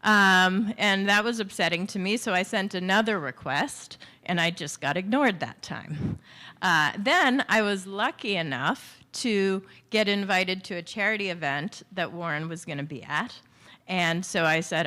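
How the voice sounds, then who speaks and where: A woman's voice: on the low side, unhurried, bright, forceful tone. A woman speaking as an author, telling a story to an audience in a chatty way with many fillers.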